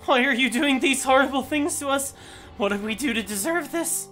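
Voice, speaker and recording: A woman voicing a terrified young woman in a video game, screaming and pleading in a high, shrill voice. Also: fairly even intonation, a little slow, soft background music, lightly acted. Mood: frantic screaming. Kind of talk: video game voice-over reading.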